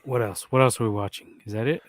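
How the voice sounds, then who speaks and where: A man's voice: on the low side, fairly even intonation, fast, no echo, studio quality. A man co-hosting a podcast in casual chat, blunt and slangy in his opinions. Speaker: podcast co-host.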